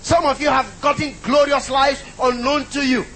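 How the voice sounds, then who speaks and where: High-pitched preacher guy, middle-aged, keeps asking the church if he's talking to somebody, slight noise. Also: fairly even intonation, moderate pace, a bit bright, low-quality recording. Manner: emphatic and repetitive, with call-outs to the congregation. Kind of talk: sermon.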